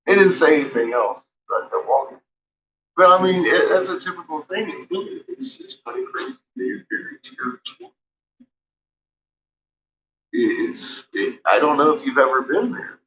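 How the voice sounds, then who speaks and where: A man's voice: mid-range voice, big pitch swings, moderate pace, a bit bright. Foul-mouthed man rambling on a dull stream. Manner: heavy swearing, laughs between remarks. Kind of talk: rambling casual storytelling.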